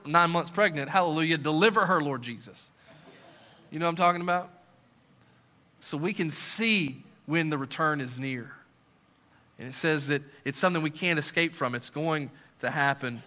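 A middle-aged male pastor preaching a sermon, swinging from soft, intimate lines to loud, excited ones with joking asides. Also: a little high.

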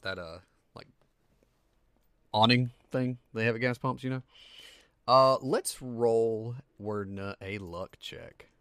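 A man's voice: fairly low pitch, a bit bright, no room sound. A man narrating as game master of a tabletop game, rambling and full of fillers as he describes the scene.

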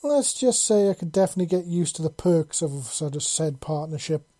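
A bold robot woman soldier from an audiobook story, teasing and playful in every line, as the narrator puts her on. The voice is very dark and mellow, close and dry with no room around it. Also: mid-range voice, lively intonation, fairly quick, no room sound, natural voice.

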